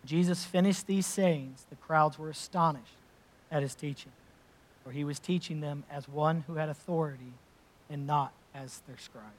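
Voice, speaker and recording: A man's voice: on the high side, moderate pace. A man preaching a sermon, reading scripture and then explaining it in an emphatic, conversational way with casual asides. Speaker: pastor.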